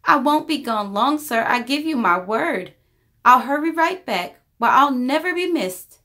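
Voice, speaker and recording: A woman's voice: expressive, unhurried, pushed and bright, heavily acted. A woman voicing a flighty, sweet-talking mother bird. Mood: pleading. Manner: coaxing, high and sing-song. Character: flighty lazy female bird, pleading and sweet. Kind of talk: storybook read-aloud.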